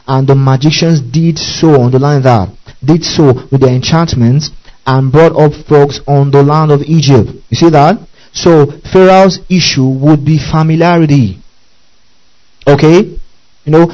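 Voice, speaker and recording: Dark-voiced man teaching a sermon. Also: fairly high pitch, rough recording. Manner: repeats key words and checks in with "okay?"; spells out Greek words letter by letter. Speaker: preacher.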